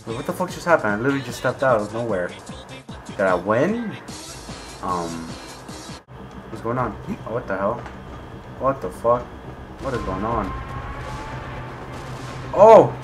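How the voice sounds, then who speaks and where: A young man giving gameplay commentary, swearing, swinging between low mutters and raging shouts. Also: expressive, moderate pace, pauses often, over music. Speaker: gaming video creator.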